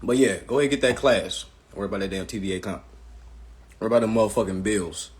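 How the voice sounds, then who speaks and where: A man's voice: fairly low pitch, fast talker. Profane, blunt man on a live stream. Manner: blunt, profane, ranting at viewers. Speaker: live-stream host teaching a class. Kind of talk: casual live-stream talk answering chat. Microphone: phone.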